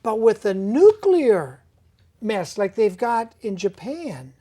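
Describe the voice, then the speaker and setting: A woman hosting an interview in casual chat, animated and talking through long what-if scenarios. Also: medium pitch, slow.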